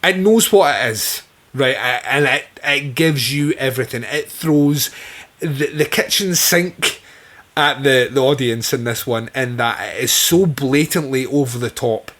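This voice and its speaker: A man's voice: mid-range voice, measured pace, a bit bright. A man co-hosting a podcast, chatting casually and enthusiastically about a horror film, swearing freely. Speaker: podcast co-host. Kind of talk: casual film review chat.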